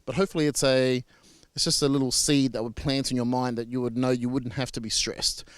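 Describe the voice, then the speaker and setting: A man's voice: medium pitch, level tone, fairly quick, no echo. Chatty Australian man, dry sound. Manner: chatty and reassuring, with frequent fillers and restarts. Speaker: marriage celebrant. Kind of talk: casual talk to camera.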